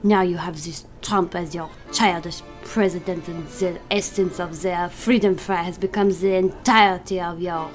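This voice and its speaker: Woman doing a haughty French woman, French accent, low voice, light music underneath. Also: fairly even intonation, normal speed, hardly any pauses, natural voice. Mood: scornful. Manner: haughty, sneering. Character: snooty adult French woman, contemptuous and scornful.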